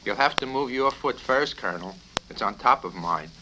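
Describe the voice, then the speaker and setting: A man's voice: medium pitch, animated, moderate pace, natural voice. A man reading aloud, voicing a timid army major who speaks in a subdued, deferential way, on a crackly record. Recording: crackly vinyl LP with clicks.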